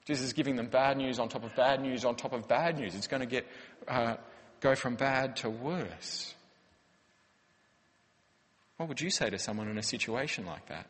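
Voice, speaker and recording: A man's voice: medium pitch, a bit bright. A man, a pastor preaching a sermon in an earnest, conversational way with rhetorical questions. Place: church hall. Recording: long church-hall reverb.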